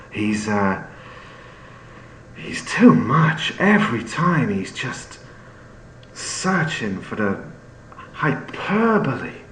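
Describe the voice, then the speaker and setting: Slow-talking man explaining a play. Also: on the low side, bright, forceful tone, a little hiss or hum. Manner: unhurried, with filler-filled restarts. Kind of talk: storytelling explanation with readings. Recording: echoey room with faint ambience.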